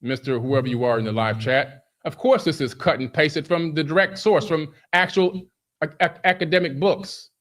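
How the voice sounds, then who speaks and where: A man's voice: on the high side, normal speed, a bit bright. A man on a casual livestream, answering his chat in a defensive, lecturing way.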